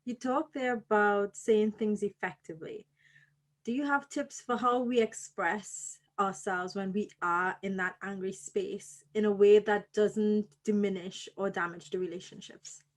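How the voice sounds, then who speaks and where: A woman interviewing a guest, asking long, thoughtful questions in a measured way. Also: mid-range voice, fairly even intonation.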